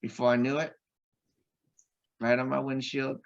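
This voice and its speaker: A man, a podcast guest, telling a personal anecdote in an animated way and acting out the voices of the people in it. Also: mid-range voice, a little slow, gravelly, highs cut off. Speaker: podcast guest, real estate investor.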